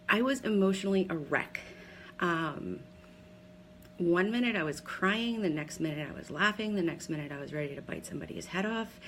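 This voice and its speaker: A woman's voice: lowish voice, slight background noise, low-quality recording. A woman in her forties from Pennsylvania telling her personal story on a live video in a chatty, candid way, with many ums and laughs at herself. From Pennsylvania, USA. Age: 40s. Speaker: direct seller sharing her story.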